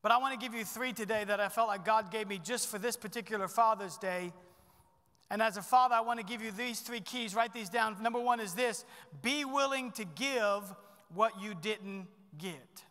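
Man preaching, high voice, animated with loud and hushed swings, long church reverb. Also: a little fast. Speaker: pastor. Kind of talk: sermon.

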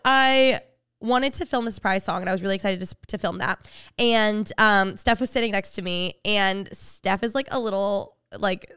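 Chatty young woman, smooth dry voice. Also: mid-range voice, a bit bright, no room sound. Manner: chatty storyteller, quick asides and laughs. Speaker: podcast co-host. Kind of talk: casual chat.

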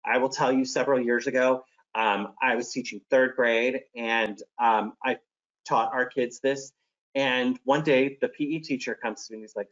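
A man's voice: medium pitch, steady tone, moderate pace, a bit bright, dull audio. A man who is a teacher presents classroom strategies in a friendly, practical way and demonstrates examples by acting them out.

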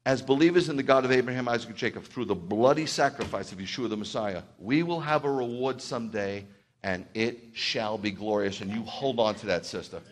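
Preaching in a chatty manner, the middle-aged male rabbi talks fairly quickly at a medium pitch. He slips into soft asides before building to loud, excited moments.

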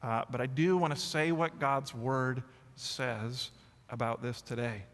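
A man preaching a sermon in a bright, forward voice, with long reverb hanging in the hall. He tells jokes at his own expense, then speaks candidly and with feeling. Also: mid-range voice, fairly even intonation, unhurried. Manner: self-deprecating humor turning earnest and confessional. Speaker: lead pastor.

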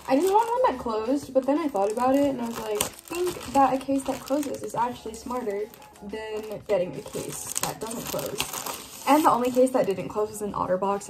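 A young woman chatting casually through an unboxing vlog at home, excitable and self-deprecating. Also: on the high side. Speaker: vlogger. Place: home workspace.

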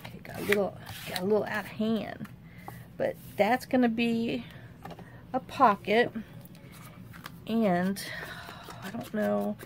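A woman talks her way through a casual crafting tutorial at a steady middle pitch. She rambles and thinks aloud, with her voice often sinking to a low mutter as she works. A faint hiss sits under the recording. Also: unhurried, long pauses. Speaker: crafting channel host.

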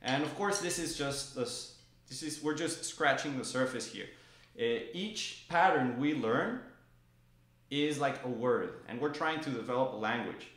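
A man's voice: mid-range voice, a little slow, a bit bright. A man teaching drum technique, explaining step by step and calling out stroke names in rhythm as he plays. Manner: calls out stroke names rhythmically while playing. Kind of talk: instructional demonstration. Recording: echoey room with drums. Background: drum playing.

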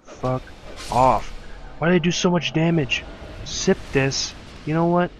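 A man's voice: on the high side, moderate pace, a little hiss or hum. A young adult man giving frustrated gameplay commentary from his room at home, cursing and muttering in exasperation at the game. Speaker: let's play commentator.

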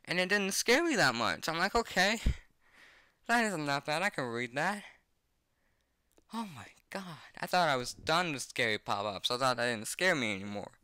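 A man's voice: fairly high pitch, big pitch swings, moderate pace, bright, forceful tone, smooth, no echo, studio quality. A man reading a horror comic aloud at home on his bed and reacting to it, swearing constantly and yelping when something startles him. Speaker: webcomic reactor.

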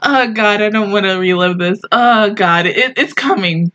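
A woman's voice: medium pitch, normal speed, dull audio, very noisy. A young woman reacting to an anime episode in casual commentary, emotional and exclamatory, often swearing and laughing.

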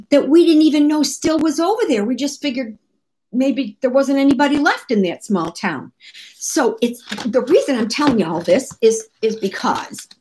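A woman's voice: medium pitch, a little mellow. A woman from the United States, a cookbook author, casually telling a story to the camera in a chatty, exclamatory way.

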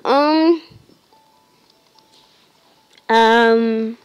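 A woman giving casual gameplay commentary as a channel host, excitable, breaking into delighted squeals and filling pauses with lots of hesitant ums. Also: a little high, no room sound, faint music behind.

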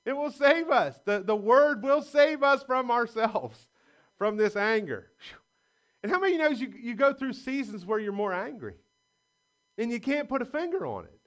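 Male pastor, bright high voice, folksy storytelling sermon delivery. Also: very animated, moderate pace. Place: church sanctuary.

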